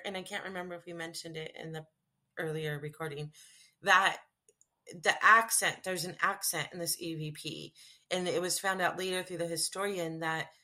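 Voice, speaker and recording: Bright punchy woman host, chatty interview, gets excited easily. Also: fairly low pitch. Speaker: podcast host. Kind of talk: casual interview.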